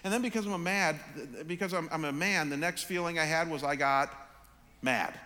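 Middle-aged pastor telling a story from the pulpit, bright voice, big echoey hall. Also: male voice, on the high side, a little fast. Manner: storytelling, animated, acts out his own anger. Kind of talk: sermon. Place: large church auditorium. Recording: hall reverb.

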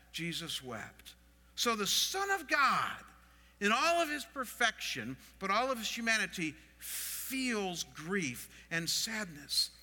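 A middle-aged man preaching a sermon as pastor, expressive and asking the audience questions. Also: high-pitched, in a large hall.

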